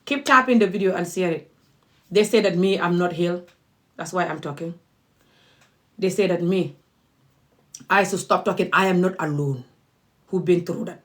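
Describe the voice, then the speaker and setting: A woman's voice: on the low side, moderate pace, long pauses. A woman, speaking as an activist vlogger in an impassioned, emphatic and repetitive monologue.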